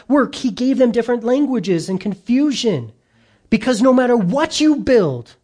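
A man preaching a sermon, earnest and emphatic, lifting his voice for stress and slowing on key phrases. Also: very high voice. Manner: earnest, emphatic, with lively rises and drawn-out slow phrases. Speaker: pastor.

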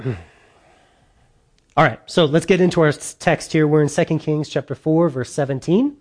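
A man's voice: a little high, unhurried, darkish tone. A male pastor preaching a conversational sermon, repeating key lines for emphasis.

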